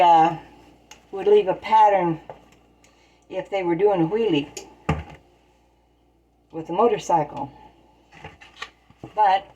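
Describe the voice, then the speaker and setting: A woman casually tells folksy stories with plain rural wording as she bakes at home. Her warm, mid-range voice comes through a rough recording with a little hiss or hum.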